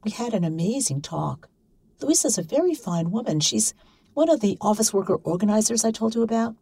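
A woman voicing an outspoken, chatty middle-aged woman activist, brisk and forthright. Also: on the high side, expressive, dark tone, slightly rough, no room sound, voice pushed up.

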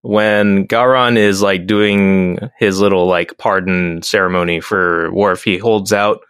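A man's voice: deep voice, fairly even intonation, slow, a bit bright, smooth, dry recording. A man co-hosting a podcast in casual chat, who tells dry jokes and hesitates a lot. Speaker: podcast co-host.

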